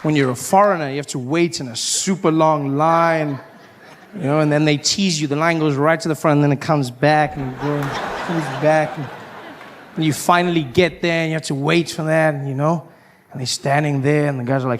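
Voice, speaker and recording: A man doing stand-up with a bright, fairly high voice and a loose, animated delivery. He jumps into loud, shouty impressions of the people in his story. Faint background noise sits under the recording. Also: normal speed. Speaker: stand-up comedian. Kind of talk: stand-up comedy routine.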